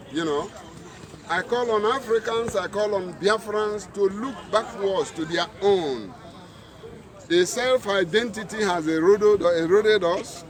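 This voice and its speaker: A man addresses a protest rally outdoors, his voice pitched high. He preaches in measured lines and asks rhetorical questions. Clear crowd noise surrounds him. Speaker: protest speaker. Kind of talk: rally speech.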